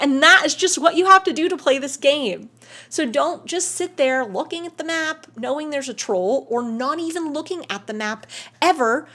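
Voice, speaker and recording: A woman's voice: sits high, fairly bright tone. A woman giving a casual motivational talk on mental wellness, chatty and playful, swearing now and then and calling the listener honey. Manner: acts out little scenes with silly sound effects.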